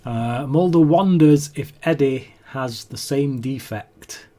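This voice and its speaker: Slow and mellow, this mid-range male voice belongs to a podcast co-host going over a TV episode in relaxed conversation. He laughs frequently and keeps starting his sentences over.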